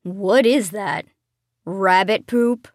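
A woman's voice: medium pitch, slow, no room sound, clean studio sound, close to an everyday voice. A woman doing a smug, sneering teen boy. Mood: mocking. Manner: drawling, sneering. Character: teasing older teen brother, mocking and smug.

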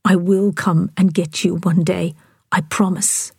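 A woman's voice: fairly low pitch, level tone, measured pace, darkish tone, dry recording, clean studio sound, exaggerated voice. A woman whispering a remorseful teenage boy. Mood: fierce. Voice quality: breathy. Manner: pleading, wretched whisper. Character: remorseful sixteen-year-old boy, rigid and earnest. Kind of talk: whispered audiobook reading.

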